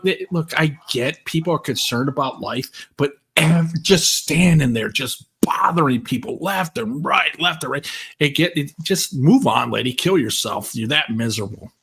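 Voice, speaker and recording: A man's voice: fairly high pitch, fairly bright tone, breathy edge. A man co-hosting a casual talk show, telling blunt, profane stories and acting out the people in them. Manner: crude, blunt storyteller who acts out quotes. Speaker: podcast co-host. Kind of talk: casual banter.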